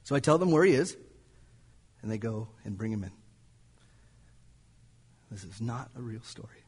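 Husky-voiced pastor preaching in a reverberant church. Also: male voice, on the low side, animated, normal speed, darkish tone. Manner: dramatic storytelling, dropping to near-whispers. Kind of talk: sermon. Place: church sanctuary.

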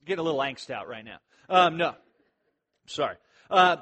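A man delivers an expository sermon in a conversational way, with fillers and asides. His voice sits high, and he bursts into shouted commands to drive a point home. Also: normal speed. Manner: animated, shouts imperatives for emphasis. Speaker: pastor.

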